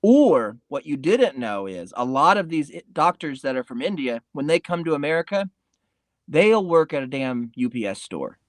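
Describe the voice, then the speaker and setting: A man's voice: on the high side, big pitch swings, normal speed, no room sound, clean studio sound. Rambling laid-back comedy podcast man. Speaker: podcast host. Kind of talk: casual comedic monologue.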